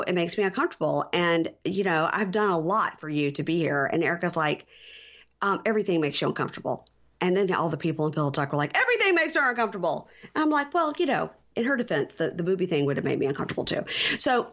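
A woman's voice: on the low side, fairly bright tone. A middle-aged woman co-hosting a casual podcast recap, rambling with many fillers and losing her place. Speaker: podcast co-host.

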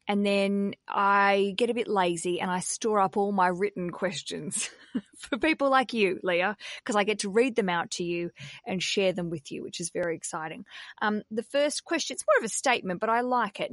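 A chatty woman hosting a podcast, talking loosely and laughing a lot. Her voice sits at a middle pitch and sounds dry and close, with no room behind it. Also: a bit bright, dry recording. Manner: chatty, laughs often, swears casually. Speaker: podcast host. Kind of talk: casual podcast chat.

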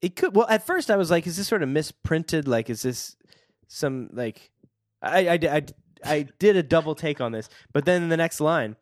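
Co-host, male, lively read-aloud voice with big swings in pitch, dry close sound, keeps breaking into chat. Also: normal speed, dry recording. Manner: animated, laughs often, lively reading. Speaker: podcast co-host reading a book aloud.

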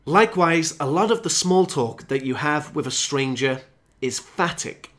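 A man hosting a podcast lesson for English learners, explaining phrases and slowing down to stress key ones. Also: a little high, expressive, fairly bright tone. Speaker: English teacher and podcast host.

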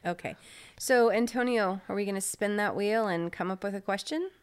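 A woman's voice: mid-range voice, normal speed, clean tone. A middle-aged woman co-hosting a casual faith podcast, teasing and laughing easily as she chats. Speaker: podcast co-host. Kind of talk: casual chat.

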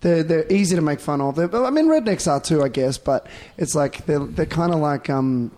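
Rambling Australian man, somewhat high. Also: expressive, moderate pace, darkish tone. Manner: rambling, filler-heavy, laughing often. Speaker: guest explaining clips. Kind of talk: casual chat.

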